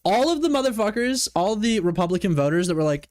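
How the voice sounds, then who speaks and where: A man's voice: sits high, very animated, quick pace, darkish tone, dry recording. Male streamer from Canada, casual reaction commentary, profane and mocking, swinging range, dry sound.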